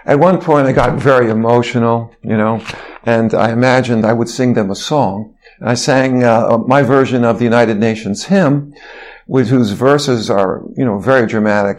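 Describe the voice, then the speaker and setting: A man being interviewed, telling a personal story in an animated way with frequent restarts. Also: mid-range voice, normal speed. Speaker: interview guest.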